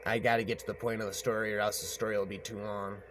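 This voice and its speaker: A man's voice: lowish voice, little pitch movement, fast talker, noisy background. A man telling a rambling story aloud, often repeating himself and tagging lines with "man". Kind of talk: rambling spoken horror story.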